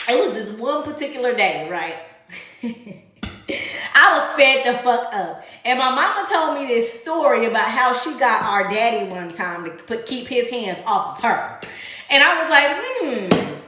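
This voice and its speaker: A woman's voice: a little high, bright, forceful tone, heavy reverb, slight background noise. A woman telling a personal story in casual storytime style, blunt and full of profanity, acting out the voices of the people in it.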